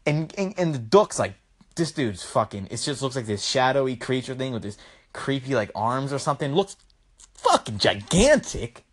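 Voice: mid-range voice, sing-song, normal speed. A young adult vlogger casually recapping a horror movie in a rambling, profane, slangy way.

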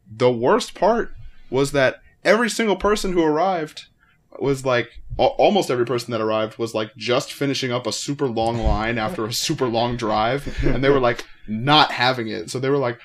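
A man's voice: mid-range voice, normal speed. A man co-hosting a podcast, chatting in an easygoing way with frequent "uh"s in a home basement. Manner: relaxed, easygoing, with frequent fillers. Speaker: podcast co-host. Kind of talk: casual chat among friends.

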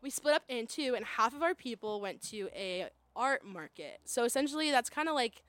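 A young woman telling a story in casual chat, animated, acting out quoted voices and laughing often. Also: fairly high pitch, normal speed, dry recording. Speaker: guest storyteller.

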